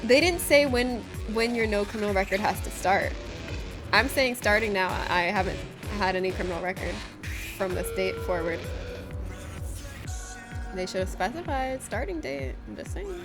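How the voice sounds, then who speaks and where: A woman's voice: mid-range voice, expressive, normal speed, over music. A woman giving live gameplay commentary as a streamer, joking with her viewers in a playful, laughing way. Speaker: game streamer.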